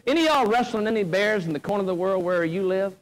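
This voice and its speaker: A middle-aged man telling a funny story to an audience, folksy and animated, with comic timing. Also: sits high, quick pace, poor audio. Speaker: motivational speaker. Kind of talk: humorous storytelling speech. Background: audience laughter.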